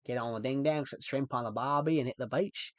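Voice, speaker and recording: A man's voice: medium pitch, fast, dry recording, close to an everyday voice. A man doing a broad Aussie bloke. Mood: jokey. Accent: put-on Australian. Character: cheerful laid-back Australian bloke.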